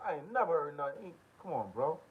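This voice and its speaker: Fast, husky and very animated, this highish male voice belongs to an American political commentary host. He's in the middle of a heated, confrontational monologue thick with profanity and repeated short questions, and the lo-fi recording sounds dull.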